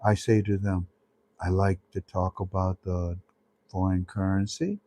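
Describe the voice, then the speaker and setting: An earnest woman customer, as a host acts her out, talking slowly in low, plain phrases. The voice stays quiet and unhurried. The sound is close and dry. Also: level tone, dry recording.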